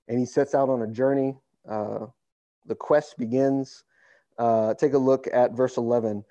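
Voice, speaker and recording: A man preaching a casual sermon, reading scripture aloud and acting out the people in it in relaxed, everyday slang. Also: medium pitch, normal speed, no echo, lo-fi sound. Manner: relaxed and conversational, acts out quotes in slang.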